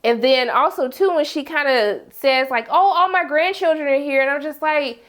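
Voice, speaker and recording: A woman chatting casually as she recaps a TV episode, slangy and animated, acting out her own reactions. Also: high-pitched, normal speed. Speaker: TV review vlogger.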